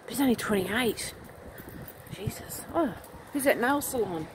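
Aussie lady rambling into her phone on a night street, kinda high voice, lots of street noise. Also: animated, moderate pace. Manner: chatty, rambling, flirty. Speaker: vlogger. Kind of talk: casual street vlog chat. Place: outdoors on a city street at night.

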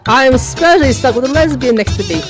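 High, lively young woman gamer. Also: quick pace, music in the background. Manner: excitable, laughing, yelling at other players. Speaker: VRChat gamer. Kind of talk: casual gaming chat.

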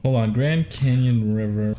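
A man's voice: mid-range voice, measured pace, dark tone, slight background noise. A man co-hosting a casual podcast, reacting with disbelief and laughing along. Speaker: podcast co-host.

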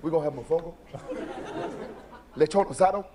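An actor playing a cheerful baseball star, relishing every food name. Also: male voice, on the high side, a little fast, crowd noise, natural voice. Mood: gleeful. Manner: relishing food names, exaggerated impression. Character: cheerful male baseball star listing foods. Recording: live studio audience in background.

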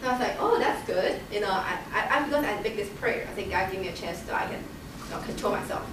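Animated woman telling a testimony, echoey room. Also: medium pitch, fast talker. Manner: animated storytelling, acting out quoted voices. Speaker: Bible study member sharing a testimony. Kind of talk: casual personal testimony. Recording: echoey room, far from the mic, noisy.

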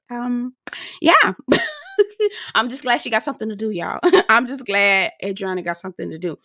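A woman's voice: on the high side, big pitch swings, pushed and bright, no echo, clean studio sound. A woman hosting a casual reality TV recap, sassy and dramatic, swearing freely and mimicking the cast. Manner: sassy, dramatic, profane, quick mimicry of others.

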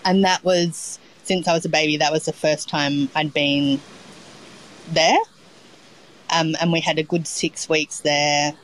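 A woman's voice: low-pitched, steady tone, a little slow, poor audio. A middle-aged Australian woman, a chef being interviewed, talking in a rambling, casual way with many ums and restarts. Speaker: chef, guest.

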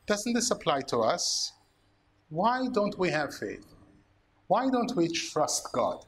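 A man, a priest preaching a sermon, slow and emphatic, asking rhetorical questions. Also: high-pitched, very animated, a little hiss or hum.

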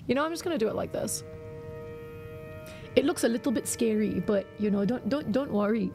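A woman's voice: on the high side, lively intonation, a little fast, vocal fry, a little mellow, faint music behind. A woman live-streaming a video game, chatting playfully and reacting to her viewers' messages.

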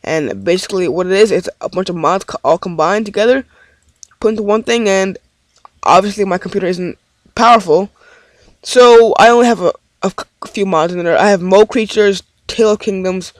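A man's voice: sits high, fairly quick, no room sound. A man giving rambling let's play commentary on his game, easily frustrated and swearing often. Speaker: gaming commentator.

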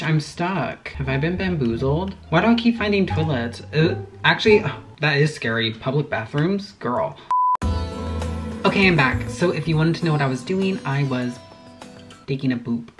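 A woman's voice: low voice, expressive, a little slow, rough recording. A woman YouTuber giving casual gaming commentary, chatty and rambling, swearing constantly and easily startled. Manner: chatty, rambling asides to viewers. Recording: music playing behind the voice.

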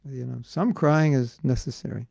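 A man teaching a devotional class in an earnest, conversational way, full of casual fillers, swinging between loud emphasis and soft asides. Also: mid-range voice, moderate pace, gravelly, no echo. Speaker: spiritual teacher.

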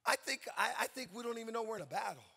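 A male pastor preaching an impassioned sermon, shouting and chanting in a sing-song cadence with repeated phrases. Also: very high voice, animated, rapid-fire, vocal fry, husky.

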